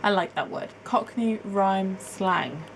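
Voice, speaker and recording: A woman's voice: medium pitch, takes it slowly, vocal fry, a little hiss or hum, rough recording. A young woman from England chatting to camera as a vlogger, rambling and laughing at herself. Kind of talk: casual chat to camera, answering a tag.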